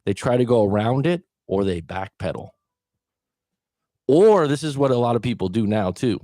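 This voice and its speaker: A man's voice: mid-range voice, lively intonation, moderate pace, mellow, no room sound, clean studio sound. A middle-aged man giving casual, plainspoken advice as a relationship coach, acting out quoted thoughts along the way. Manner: plainspoken, acts out quoted thoughts, occasional swearing.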